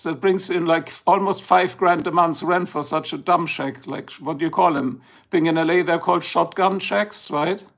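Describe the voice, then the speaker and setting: A middle-aged German-accented man hosts a livestream in loose, rambling chat, slipping between English and German. His voice sits a little high and has a gravelly, creaky edge. He sounds freshly woken up. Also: fairly bright tone. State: just woken up. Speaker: livestream host. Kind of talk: casual livestream talk.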